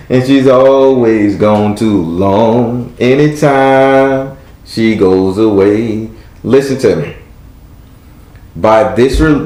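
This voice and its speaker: Blunt deep-voiced man reading tarot. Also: darkish tone, reverberant. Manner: blunt, preachy, emphatic. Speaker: tarot reader and host.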